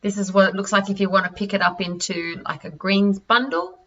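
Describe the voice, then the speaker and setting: An Australian woman presenting health products over a call, halting with many fillers and restarts. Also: mid-range voice, flat delivery, sharp tone. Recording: distant, dull-sounding audio.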